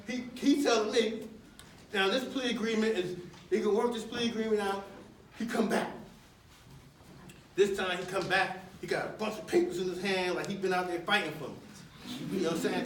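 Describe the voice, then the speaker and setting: Man, high register, live storytelling talk, slangy and chatty, echoey room, mic at a distance. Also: fairly bright tone, a little hiss or hum. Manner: conversational, street slang, laughs often. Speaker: speaker telling his own story. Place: university lecture room with audience.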